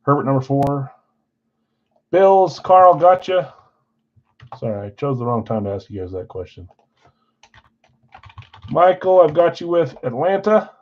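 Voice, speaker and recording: A man's voice: a little high, very animated, measured pace, pauses often, muffled recording. A man hosting a live card break stream, reeling off names and teams in a casual, friendly roll-call and mumbling his asides. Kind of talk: casual livestream chat reading team picks.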